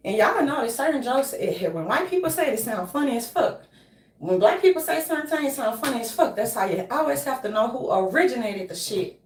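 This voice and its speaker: A woman's voice: sits high, very animated, a little fast. A woman vlogger talking in a loose, jokey, rambling monologue and swearing freely. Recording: echoey room, voice from a distance.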